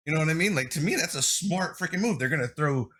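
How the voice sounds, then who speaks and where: A man hosts a laid-back podcast conversation in a bright, forward voice with a husky grain. He talks in an animated way and swears freely. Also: on the high side, fast talker. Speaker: podcast host. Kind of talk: casual podcast chat.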